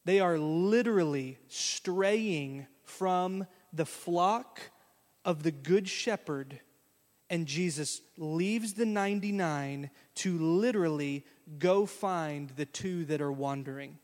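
A man preaching to his congregation in a high, bright voice. He is folksy and conversational, slipping into animated little quotes. The sound rings with the long tail of a big hall. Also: slow. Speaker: pastor. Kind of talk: sermon.

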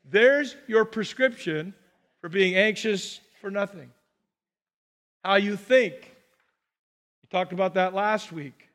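Brief: high-pitched male pastor, chatty sermon delivery, rhetorical questions to the congregation. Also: slow pace, long pauses, a bit bright. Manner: conversational preaching with rhetorical questions. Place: church sanctuary.

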